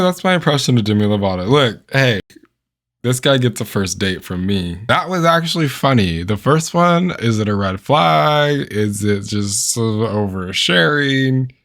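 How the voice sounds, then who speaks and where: A man hosting a comedic reaction video, talking in an animated, incredulous way and firing off rhetorical questions. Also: medium pitch, a little slow. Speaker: host reacting to dating app voice notes.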